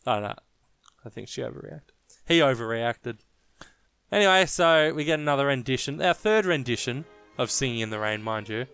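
A man's voice: medium pitch, lively intonation, fairly quick, vocal fry, fairly bright tone, smooth, no echo, faint music behind. A man co-hosting a casual film review podcast, blunt and mocking, swearing freely. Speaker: podcast co-host.

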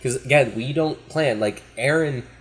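A woman's voice: rumbling low, normal speed. A woman co-hosting a podcast in casual chat, making dry, wry remarks. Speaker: podcast co-host.

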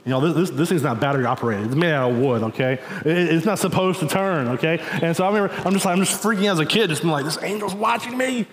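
A man with a fairly high voice preaches in a relaxed, storytelling way, often turning to the congregation with "right?" and "y'all." His voice rings through a reverberant church hall, and the long tail of the echo hangs after each phrase. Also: racing, hardly any pauses. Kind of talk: conversational sermon. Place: church sanctuary.

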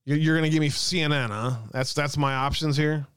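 A man's voice: on the high side, steady tone, fairly quick, fairly bright tone, clean tone, dry recording, studio quality. A man hosting a live stream, chatting casually, reading out viewer messages and laughing often. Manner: chatty, reads chat aloud, laughs often.

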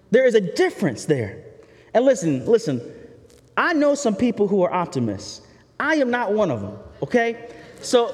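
A man preaching a sermon in a candid, conversational way, often turning to the listeners with asides. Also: sits high. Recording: reverberant hall.

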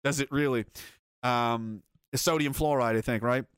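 A man's voice: mid-range voice, steady tone, measured pace, smooth, no room sound, clean studio sound. A man giving casual, rambling commentary as a streamer, swearing freely, chuckling often and restarting his sentences. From North America. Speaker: streamer reading chat.

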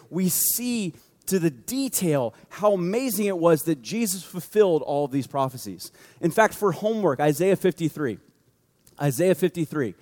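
Pastor guy preaching, high voice, chatty, does little voices for people in his stories, big hall echo. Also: a little mellow. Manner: conversational, acts out quoted voices. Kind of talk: sermon.

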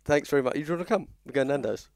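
A man co-hosting a podcast who talks quickly and chats freely. His voice is mid-pitched and sounds dry and close to the mic. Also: creaky, a little mellow, dry recording. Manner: quick chatty interjections. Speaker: podcast co-host. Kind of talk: casual chat.

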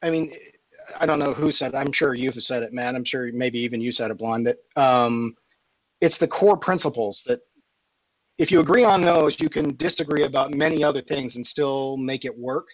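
A man calling in to a show, speaking haltingly with pauses and fillers over dull, dry call audio. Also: medium pitch, no room sound. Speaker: caller. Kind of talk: casual call-in chat.

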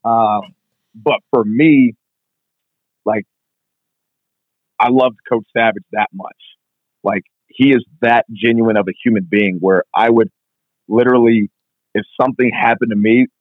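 A strength coach being interviewed, telling stories in a fast, casual way full of "like". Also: male voice, medium pitch, fairly even intonation, no room sound. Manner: fast, filler-heavy, constant "like". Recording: tinny phone-like line, dry.

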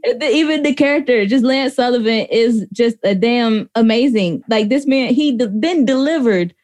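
A woman, co-hosting a casual chat, telling stories with lively energy and frequent laughter. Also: fairly high pitch, normal speed, no echo. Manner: animated storytelling, laughs often.

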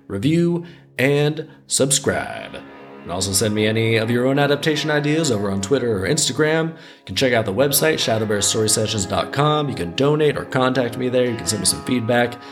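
Guy retelling a folk tale, laid-back and sarcastic, soft music under him. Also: medium pitch. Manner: wry, irreverent, conversational. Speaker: podcast host and storyteller. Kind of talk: casual storytelling narration.

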